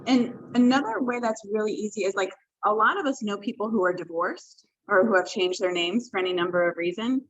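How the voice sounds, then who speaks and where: A woman trainer leading a workshop over a video call, talking in a conversational, emphatic way with quick self-corrections. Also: medium pitch. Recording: dull lo-fi video call audio.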